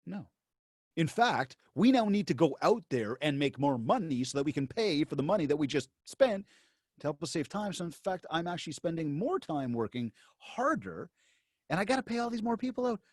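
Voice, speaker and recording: A lively male speaker whose pitch swoops up and down as he tells a story. He talks to a room of agents in a loose, chatty way, full of "right?" and restarts. The sound is dry and close, with no room echo. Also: normal speed. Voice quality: animated storyteller who acts out both sides of conversations. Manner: conversational, with many fillers and restarts; addresses the audience directly. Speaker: motivational speaker to real estate agents. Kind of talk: storytelling seminar talk.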